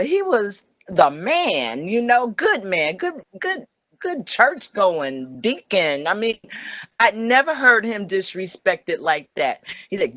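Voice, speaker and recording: An older woman telling a personal story on a video call, animated and acting out the voices she quotes. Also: fairly low pitch, unhurried, no room sound. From New Jersey. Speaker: webinar presenter.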